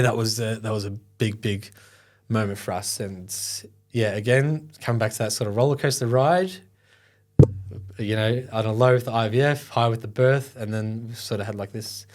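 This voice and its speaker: At normal speed and with fairly even intonation, a medium-pitched middle-aged man tells an interviewer a personal story. He is a guest who founded a foundation, and his loose, conversational speech is full of fillers and occasionally choked up.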